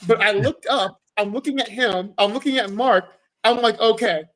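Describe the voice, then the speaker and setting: A man's voice: high-pitched, normal speed, low-quality recording. A man, a guest fighter, retelling a fight in a casual podcast chat, swearing often and acting out what was said. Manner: animated storytelling, swears often, acts out his own quotes.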